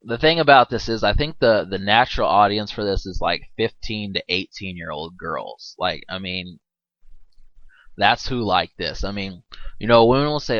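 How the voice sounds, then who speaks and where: Rambling, laid-back man with a low voice. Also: normal speed, a bit bright, no echo, muffled recording. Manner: rambling, full of "like" and restarts, laughs often; swears casually. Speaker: movie commentator. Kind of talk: rambling casual commentary.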